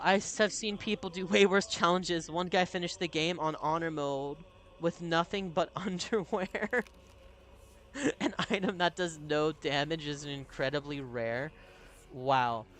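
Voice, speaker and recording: A man's voice: on the high side, a bit bright. A man streaming a video game, chatting casually, laughing often and reading viewer messages aloud. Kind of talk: casual live-stream chat over gameplay.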